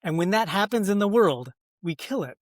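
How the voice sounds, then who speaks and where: An American man speaks as a guest in a podcast conversation, earnest and reflective, pausing and restarting as he thinks. His voice sits a little higher than most men's. The sound is dry and close, with no room echo. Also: lively intonation. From United States. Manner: thoughtful, earnest, many fillers and restarts, laughs often. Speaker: pastor and author, guest.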